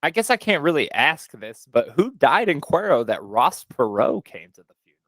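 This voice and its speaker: A man's voice: a little high, big pitch swings, moderate pace, a bit bright, no room sound. Rambling man telling stories. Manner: rambling storyteller, swears freely. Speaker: podcast co-host. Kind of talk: casual chat.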